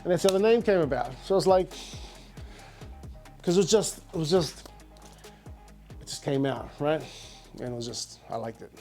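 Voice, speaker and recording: Middle-aged New Zealand man, animated slangy storyteller, slightly high voice. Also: normal speed, pauses often, faint music behind. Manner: animated, slangy, repeats words. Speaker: guest, business founder. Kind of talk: casual interview storytelling.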